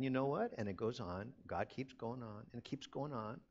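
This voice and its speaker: A man's voice: fairly low pitch, brisk, darkish tone. A middle-aged man preaching a sermon as pastor, emphatic and repeating key phrases, on a dull lo-fi recording.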